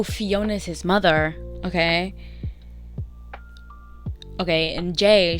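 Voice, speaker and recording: Young woman vlogger, lower pitch, casual animated story recap, soft music bed. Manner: chatty, animated, acts out dialogue in bursts. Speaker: vlogger reading fanfiction aloud.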